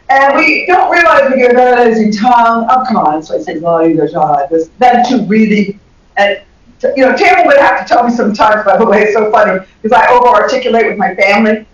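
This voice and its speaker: Animated older Southern woman lecturing. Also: a little high, fairly quick. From American South. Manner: animated, laughs often, acts out examples. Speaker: communication professor giving a lecture. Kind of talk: lecture to health workers. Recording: echoey dull recording from far off.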